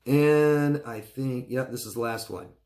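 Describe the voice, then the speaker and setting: A man working as a relationship coach, answering viewer questions in a reassuring way and often checking in with "okay?". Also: unhurried. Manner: acts out quoted friends in a higher, excited voice.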